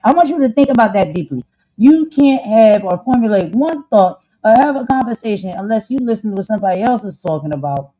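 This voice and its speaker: A woman's voice: fairly low pitch, warm tone, rough recording. A woman host with a New Jersey accent, talking in a blunt, sassy, slang-heavy way. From Camden, New Jersey. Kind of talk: casual chat.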